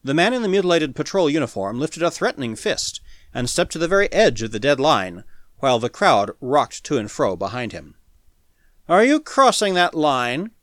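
A man narrating a pulp science fiction story as an audiobook in a dramatic, animated reading. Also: mid-range voice, brisk, no room sound, studio quality.

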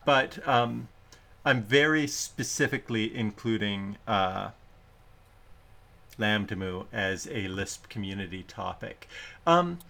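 A man's voice: lowish voice, animated, slow, creaky, bright, forceful tone. A man hosting a casual live-stream chat, rambling and interrupting himself, reading audience comments aloud. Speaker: show host.

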